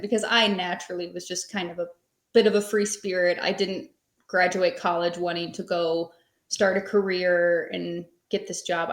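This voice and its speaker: A woman in her thirties, a podcast guest, telling her story in a rambling, conversational way full of fillers. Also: on the low side. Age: 30s. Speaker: podcast guest, small business owner. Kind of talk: casual interview storytelling. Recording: echoey room.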